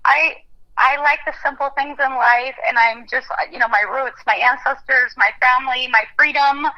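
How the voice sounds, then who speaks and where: A woman's voice: sits high, fairly even intonation, normal speed. A young adult woman from Texas, a country singer, chatting casually in an interview and laughing often, heard over a phone line. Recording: muffled phone-line audio.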